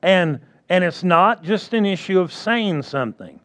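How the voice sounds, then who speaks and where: A man's voice: sits high, lively intonation, a little slow, fairly bright tone. A man preaching a sermon who repeats his key phrases and keeps asking the congregation for agreement.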